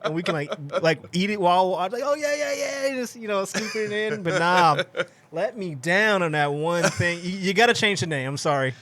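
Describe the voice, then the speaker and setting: A podcast guest chatting in a studio, his voice sitting a little high for a man. He laughs easily, mocks himself and trips over quick restarts. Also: fairly bright tone. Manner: laughing, self-mocking, stumbling restarts. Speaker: podcast guest, content creator. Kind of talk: casual chat.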